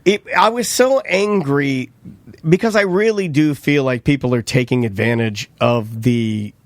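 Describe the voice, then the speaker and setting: A man's voice: mid-range voice, measured pace, dry recording. A man co-hosting a podcast, telling a story in a heated, ranting way. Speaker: podcast co-host. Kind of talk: casual chat.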